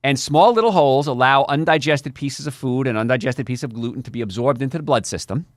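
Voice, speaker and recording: An older man, a doctor hosting a health talk show, speaking in an animated, chatty way straight to his listeners. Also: mid-range voice, fast, no room sound, studio quality. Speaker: doctor and podcast host.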